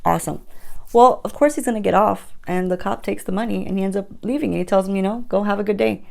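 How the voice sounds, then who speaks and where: A woman's voice: medium pitch, quick pace, creaky. A woman beauty vlogger telling a rambling, chatty storytime with playful asides, recorded on her phone at home at night. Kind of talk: casual storytime chat.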